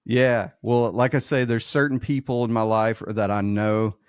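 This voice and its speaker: A man's voice: on the low side, fairly even intonation, moderate pace, clear, resonant tone, dry recording, clean studio sound. A man in his forties hosting an interview in an easygoing, jokey way. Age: 40s. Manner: easygoing, jokey, laughs often. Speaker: podcast host. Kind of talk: casual interview chat.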